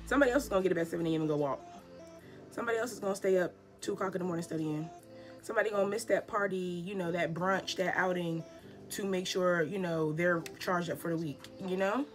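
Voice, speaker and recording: A woman's voice: lowish voice, quick pace. A young woman chatting casually as she does her makeup at home, slangy and encouraging, with faint music behind her. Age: young adult. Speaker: beauty vlogger. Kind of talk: casual get-ready-with-me chat. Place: home, indoors.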